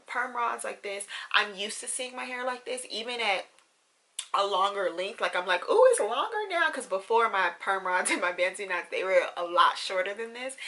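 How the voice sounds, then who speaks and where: A woman's voice: medium pitch, bright, forceful tone. A young woman, chatting to camera in a casual vlog, rambling with many fillers and getting tearful and gushing. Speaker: vlogger.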